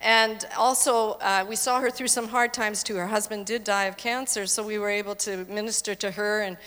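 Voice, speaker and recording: A woman's voice: mid-range voice, fairly even intonation, moderate pace, a bit bright, smooth. A woman telling stories during a church slide presentation, chatty and engaging the audience with questions. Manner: chatty, quizzes audience, laughs easily. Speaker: missionary presenter. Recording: reverberant hall.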